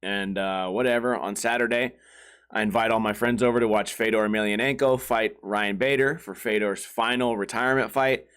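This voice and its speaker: A man's voice: lowish voice, fairly even intonation, moderate pace, a bit bright, clear, resonant tone. A man hosting his own podcast, telling a long, rambling, profane story in a casual way and acting out the quoted voices. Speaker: podcast host.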